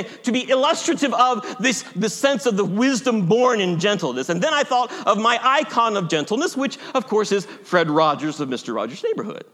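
A man preaching a sermon as pastor, earnest and reflective, sometimes dropping to a hushed near-whisper. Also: sits high, in a large hall.

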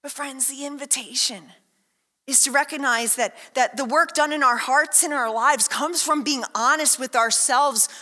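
A woman preaching a sermon to a congregation, chatty and animated, acting out little scenes and asking the room questions. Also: high voice. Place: church hall. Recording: echoey hall.

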